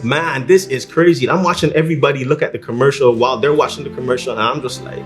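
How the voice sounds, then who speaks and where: A man hosting a casual group chat, talking excitedly and often affirming others. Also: mid-range voice, fast talker, hardly any pauses, faint music behind. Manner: excited, with many yo's and affirmations. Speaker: host.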